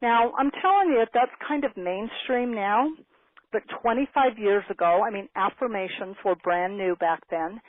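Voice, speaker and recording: Woman in her fifties, lively storyteller speaker, lo-fi phone-band audio, dry. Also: mid-range voice, a little slow, no room sound. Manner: animated, acts out quoted dialogue. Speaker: motivational speaker. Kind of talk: personal storytelling talk. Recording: tinny phone-like, dry sound.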